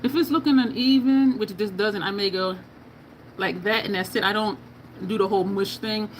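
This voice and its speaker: A woman's voice: mid-range voice, moderate pace, slight background noise, rough recording. A woman beauty vlogger chatting casually through a makeup tutorial, telling stories and laughing often.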